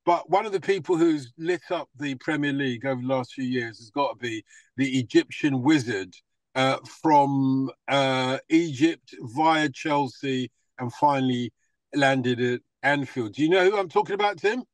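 A man hosting a casual football podcast, jokey and quick to laugh. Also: medium pitch, no echo, poor audio. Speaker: podcast host.

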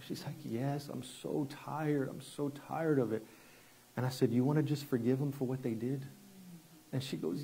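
A middle-aged man preaching as a guest pastor, telling stories conversationally with many restarts and sudden hushed moments. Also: medium pitch, a little hiss or hum. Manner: conversational, repeats words and restarts, drops quiet for dramatic story moments. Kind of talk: sermon with storytelling.

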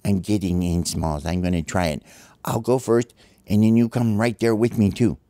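A man's voice: fairly low pitch, steady tone, normal speed, dark tone, dry recording, lightly acted. A man voicing an earnest, slightly nervous buddy who bravely goes first.

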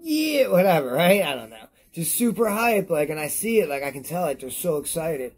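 Husky-voiced man ranting while high. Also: lively intonation, brisk. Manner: profane, rambling, repeats himself. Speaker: product reviewer. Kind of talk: rambling casual rant to camera.

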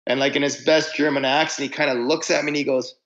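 Gravelly man telling tour stories. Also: medium pitch, fairly even intonation, fast talker, fairly bright tone. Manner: rambling, many restarts, stretches words for effect. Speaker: podcast guest, musician. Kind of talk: casual chat, storytelling. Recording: slightly dull lo-fi audio.

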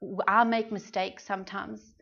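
A woman's voice: mid-range voice, flat delivery, moderate pace, creaky, a bit bright, lo-fi sound. A woman with a British accent preaching a sermon in an earnest, conversational way, often asking her listeners questions. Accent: British English. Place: church hall.

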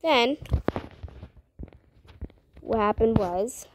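A woman's voice: a little high, lively intonation, extremely slow. Chatty teen girl, noisy recording. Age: teenager. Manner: chatty, filler-heavy, dramatic retelling. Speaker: storyteller. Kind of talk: casual storytime narration.

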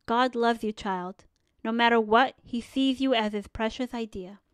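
A woman voicing a gentle, comforting old grandmother in an audiobook, speaking softly in her own smooth voice. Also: on the high side, measured pace, no echo, clean studio sound, close to an everyday voice. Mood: tender.

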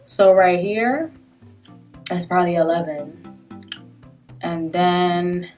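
A woman talks through a makeup tutorial in a slow, low-key, rambling way, full of slang and quick apologies. She sits a bit away from the mic in a small room at a desk, with faint music playing behind her. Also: darkish tone, distant mic. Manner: rambling, self-mocking, slangy, often apologizing. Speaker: beauty vlogger. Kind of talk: casual makeup tutorial talk.

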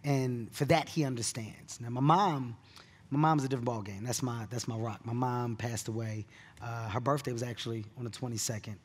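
A man who is a comedian, telling stories in an onstage keynote interview with animated delivery and bursts of laughter. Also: mid-range voice, a little fast, breathy edge. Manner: animated storyteller, laughs at his own story. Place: conference stage.

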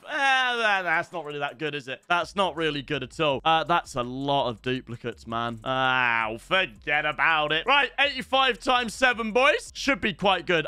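Young British male streamer, excitable banter; bright, crisp voice. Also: a little high, no room sound. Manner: excitable banter, bursts of shouting at goals. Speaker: gaming streamer. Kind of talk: live gaming commentary.

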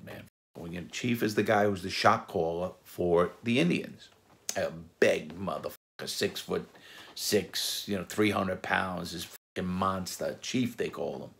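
Low gravelly guy telling rough stories, swears a lot, acts out the lines. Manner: profane, blunt, animated retelling with quoted dialogue. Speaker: former jewel thief telling prison stories. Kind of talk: casual storytelling.

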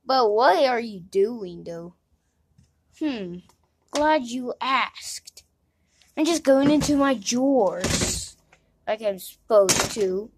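A woman with a high, gravelly voice performs a comedic fan-animation voice-over. She drawls slowly, drops into mumbled asides, then bursts into shouts. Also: expressive, slight background noise. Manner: jumps between mumbled asides and shouted outbursts. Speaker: narrator and voice actor of a fan animation.

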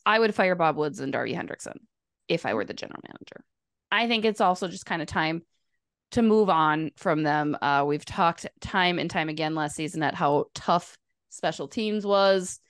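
A chatty woman, co-hosting a hockey podcast. Her voice sits a little low, and the sound is close and dry. She rambles loosely, with plenty of "like" and "um.". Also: lively intonation, moderate pace, smooth, no room sound. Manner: chatty, lots of fillers. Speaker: podcast co-host. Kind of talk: casual hockey podcast chat.

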